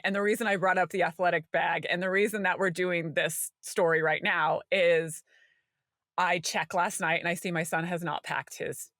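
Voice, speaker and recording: With clean studio sound and no echo, a woman with a lowish voice co-hosts a podcast. She spins a story in relaxed conversation, bringing it to life by voicing the people she quotes.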